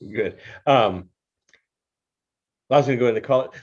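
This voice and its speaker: A male interview host who feels his way into each question, stuttering over and repeating words. His voice sits at an ordinary middle pitch. The recording is dull and muffled, lacking highs. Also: darkish tone. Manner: halting, repeats words while forming questions. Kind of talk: conversational interview.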